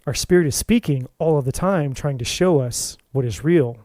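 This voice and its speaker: A man hosting a spiritual talk to camera, telling an animated story, swearing freely, and often restarting his sentences. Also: a little high, normal speed, dry recording. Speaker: tarot reader and spiritual channel host.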